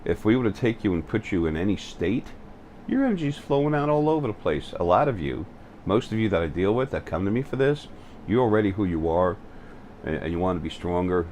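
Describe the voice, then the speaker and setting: A man with a very low voice talks straight to the camera on his own spiritual channel. He keeps stopping on fillers and restarting his sentences, with a faint hum of noise under him. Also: big pitch swings, darkish tone. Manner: halting, full of fillers and restarts. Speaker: channel host. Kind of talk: spiritual vlog monologue. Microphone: facing the camera.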